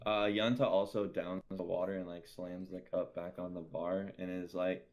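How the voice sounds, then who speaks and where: Deep-voiced man playing a tabletop game. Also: level tone, moderate pace, few pauses, highs cut off. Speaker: player.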